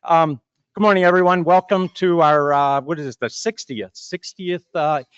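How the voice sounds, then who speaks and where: A man's voice: a little high, normal speed, fairly bright tone, smooth, dry recording, highs cut off. A man giving opening remarks as master of ceremonies at a breakfast meeting, chatty and rambling, often repeating words.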